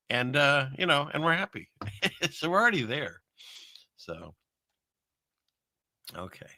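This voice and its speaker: Rambling man with a sharp bright voice. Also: mid-range voice, no echo, clean studio sound. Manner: rambling and chuckling, frequent filler words and trailing pauses. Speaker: livestream host reading viewer chat. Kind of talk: casual rambling livestream commentary. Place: home setup in the Seattle area.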